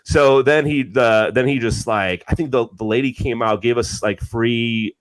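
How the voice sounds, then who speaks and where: A man's voice: medium pitch, normal speed, clear, resonant tone, dry recording, low-quality recording. A man on a podcast telling a long everyday story, with frequent restarts and fillers. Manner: rambling storyteller, many restarts. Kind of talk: casual chat.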